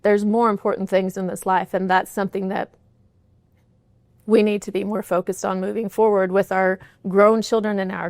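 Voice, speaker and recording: A woman's voice: medium pitch, vocal fry, a little mellow, no room sound. A middle-aged woman answering interview questions in an earnest, candid way, often saying "you know", in a studio. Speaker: guest, horse trainer's wife and business partner.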